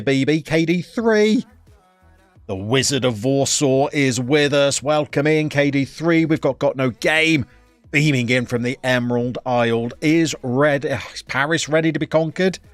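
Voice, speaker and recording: A man's voice: mid-range voice, no echo. A middle-aged man, chatting casually as he hosts a live stream and greets viewers by name.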